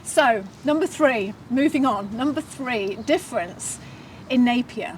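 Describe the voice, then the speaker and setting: A woman's voice: fairly high pitch, lively intonation, a little slow, recorded from a distance, a little hiss or hum, poor audio. A woman co-hosting a podcast in casual chat, talking animatedly and laughing often, recorded outdoors in a garden. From New Zealand. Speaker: podcast co-host.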